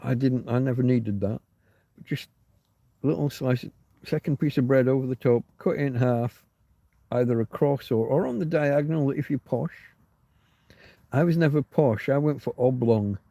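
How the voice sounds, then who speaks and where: A man's voice: medium pitch, normal speed, creaky, dark tone, no echo. A man hosting a casual livestream, chatting in a rambling, digressive way and often restarting his sentences. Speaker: livestream host. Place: home in coastal Spain.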